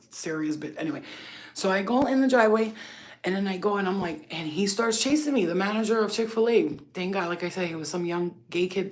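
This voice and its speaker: A woman telling a story on a casual livestream, talking loudly and animatedly, swearing and laughing often. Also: lowish voice. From New York. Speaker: channel host.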